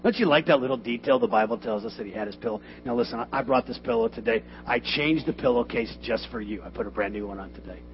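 A man preaching a sermon in a church, animated and joking, with loud emphatic bursts. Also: mid-range voice, quick pace, few pauses, a little hiss or hum. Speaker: pastor. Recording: dull lo-fi sermon recording with faint music.

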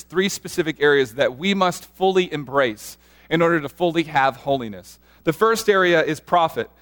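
With a voice on the high side, a man preaches as a pastor, earnest and animated, weaving in stories and repeatedly restarting his sentences.

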